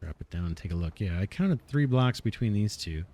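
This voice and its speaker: Muse-and-fix commentary fills this casual let's play as a man builds and thinks aloud. He speaks briskly and expressively, his fairly low, dark-toned voice slightly worn from starting to lose it.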